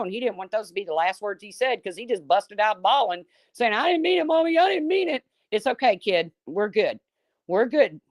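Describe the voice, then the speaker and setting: A woman's voice: medium pitch, fairly bright tone, no echo, clean studio sound. A middle-aged woman hosting a live chat, talking bluntly and swearing freely, reading viewers' names aloud between folksy stories. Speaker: livestream host. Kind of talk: casual live chat, storytelling.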